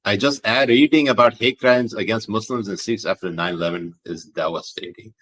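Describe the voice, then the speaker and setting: A man's voice: fairly low pitch, a little fast, fairly bright tone, slightly rough. A man putting on a Pakistani accent to read out a male viewer's chat message. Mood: earnest. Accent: Pakistani, put on. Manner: exaggerated put-on accent.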